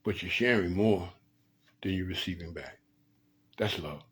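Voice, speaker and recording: A man's voice: sits low, measured pace, fairly bright tone, breathy edge, poor audio. A man hosting a late-night talk, giving relationship advice in a preachy way, often repeating and restarting phrases. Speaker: host.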